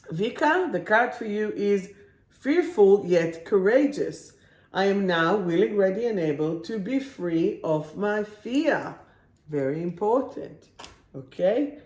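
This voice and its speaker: A woman working as a spiritual coach, reading affirmation cards to viewers in a slow, soothing, affirming way during a live stream. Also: medium pitch, a little mellow, roomy sound.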